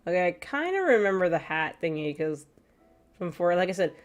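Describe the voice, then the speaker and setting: A woman's voice: on the low side, big pitch swings, brisk, faint music behind. A woman streamer in casual, rambling chat with her viewers, a little stuffy from allergies and laughing often. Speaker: gaming streamer.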